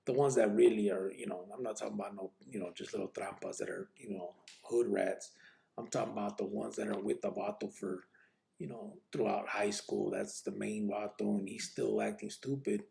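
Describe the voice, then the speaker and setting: A man with a deep, heavily gravelly voice tells his own story on a podcast. He rambles in a laid-back way, with slang, swearing and a steady "you know what I mean". The tone stays casual throughout. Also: fairly quick. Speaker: podcast host.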